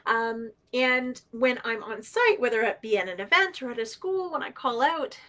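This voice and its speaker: Bright-voiced, playful woman storyteller. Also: a little high, normal speed. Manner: animated and playful, laughs often, acts out quoted voices. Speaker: storyteller and knowledge keeper. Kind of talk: humorous teaching storytelling on a livestream.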